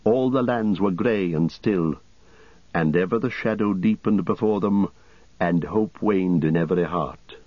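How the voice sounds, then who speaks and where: A male narrator reading an audiobook in a low, husky voice at a steady, measured pace. The recording is dry and close, with a slightly dull sound. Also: no room sound. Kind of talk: scripted narration.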